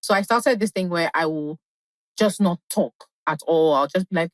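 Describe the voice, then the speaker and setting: Woman, lower voice, brisk pace, dry close mic, casual podcast chat. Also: no echo. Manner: reflective, self-mocking storytelling.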